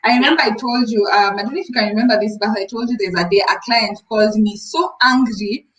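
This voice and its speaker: A woman's voice: on the high side, fast, slight background noise, rough recording. A woman, co-hosting a casual business chat and acting out stories. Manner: animated storyteller, acts out callers. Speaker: co-host, rabbit seller.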